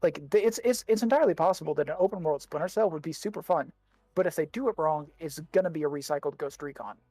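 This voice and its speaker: A man's voice: on the high side, quick pace, warm tone, no room sound, soft background music. Chatty man with the hiccups. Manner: rambling, repeats words while thinking. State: has the hiccups. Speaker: podcast co-host. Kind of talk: casual chat.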